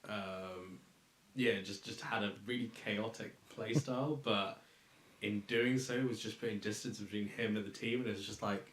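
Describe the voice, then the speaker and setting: A man's voice: lowish voice, steady tone, moderate pace, a bit bright, reverberant, poor audio. A man co-hosting a casual podcast chat, talking hesitantly with stammered restarts.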